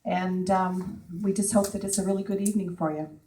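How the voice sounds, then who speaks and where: A woman's voice: medium pitch, fairly even intonation, brisk, warm tone. A woman hosting a charity evening, introducing the speaker in a casual, hesitant way with fillers. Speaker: event host. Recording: distant mic in a hall.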